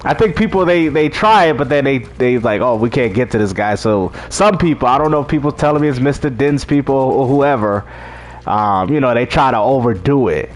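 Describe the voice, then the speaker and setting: A man's voice: medium pitch, moderate pace. A man hosting a live stream, chatting in a laid-back way and laughing often. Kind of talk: casual livestream chat.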